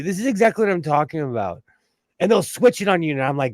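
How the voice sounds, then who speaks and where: A man with a Southern California accent hosting a casual sewing livestream, talking in a chatty, animated way. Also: on the high side, fast talker, no room sound, studio quality. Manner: chatty, animated storytelling with laughs.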